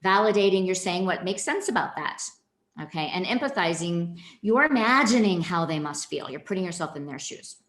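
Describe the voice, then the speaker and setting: A woman's voice: fairly low pitch, lively intonation, brisk, fairly bright tone. A woman giving a keynote training presentation, speaking directly and animatedly to her audience. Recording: echoey room.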